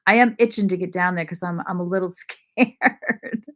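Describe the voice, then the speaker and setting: A woman from Maine hosting a casual livestream, chatting warmly with viewers, often apologizing and laughing as she reads their comments. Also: on the low side, moderate pace. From Maine, USA. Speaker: lifestyle channel host.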